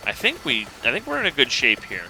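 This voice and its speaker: Bright-toned man narrating his gameplay. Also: medium pitch, a little fast, a little hiss or hum, low-quality recording. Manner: thinking aloud, relaxed and rambling. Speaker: gameplay commentator. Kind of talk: casual let's-play commentary.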